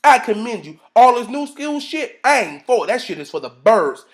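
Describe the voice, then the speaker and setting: Sassy, profane high-voiced man. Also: big pitch swings, moderate pace. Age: 30s. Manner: sassy, profane and theatrical, acting out quotes in a high voice. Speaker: vlogger. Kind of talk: casual ranting commentary.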